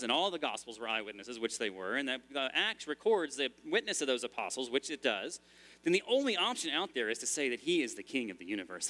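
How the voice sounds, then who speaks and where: A man's voice: medium pitch, pushed and bright. A man preaching a sermon in a church as pastor, in a conversational style with frequent restarts.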